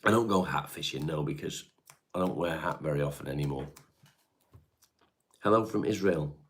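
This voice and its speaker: Middle-aged man, Devon English accent, very deep low voice, blunt and sweary, casual livestream chat from home. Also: normal speed. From England. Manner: blunt, swears freely, British slang. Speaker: livestream host reading chat. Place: his home.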